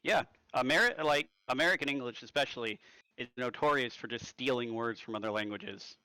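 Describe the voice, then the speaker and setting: Chatting casually around a tabletop game, this player cracks jokes and wanders off on rambling, nerdy tangents. He speaks fairly quickly at medium pitch, his clean tone pushed and bright. There's no room sound, but the audio is poor.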